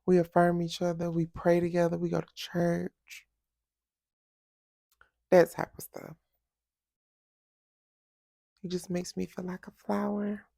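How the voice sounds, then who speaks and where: A woman's voice: on the low side, little pitch movement, slow, vocal fry, long pauses, mellow, no room sound, studio quality. A woman hosting her own late-night vlog, chatting casually and bluntly to her viewers with a sassy, joking edge. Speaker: vlog host. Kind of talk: casual chat to camera.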